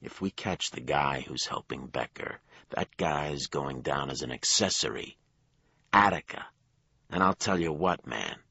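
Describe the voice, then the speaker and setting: Menacing male detective, voiced by a man, deep and husky, dull dry recording. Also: lively intonation, unhurried, bright, forceful tone, dry recording, full character voice. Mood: blunt. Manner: blunt, threatening. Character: hard-edged male detective, blunt and menacing. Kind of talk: audiobook character voice.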